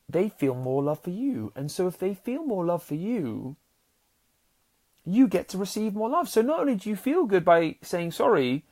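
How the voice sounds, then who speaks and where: A man hosting a casual motivational podcast as a happiness coach. He talks earnestly and restarts often, swinging between loud bursts and soft, sincere stretches. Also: sits high. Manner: swears casually and addresses listeners as warriors.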